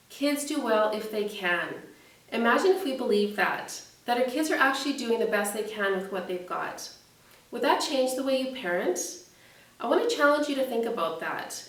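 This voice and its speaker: A fairly high-voiced woman hosts a parenting tips talk. She sounds friendly and encouraging and keeps asking the listener questions. Her voice echoes around the room and sits a little back from the mic. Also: a bit bright, far from the mic. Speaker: parenting program host. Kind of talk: scripted parenting tip talk.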